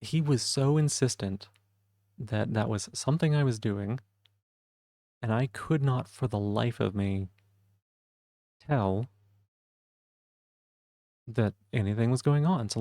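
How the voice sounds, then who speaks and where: Soft-spoken man in a mellow stream chat. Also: medium pitch, takes it slowly, pauses often, no room sound, clean studio sound. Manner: soft-spoken, rambling, reads chat aloud. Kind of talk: casual live-stream chat.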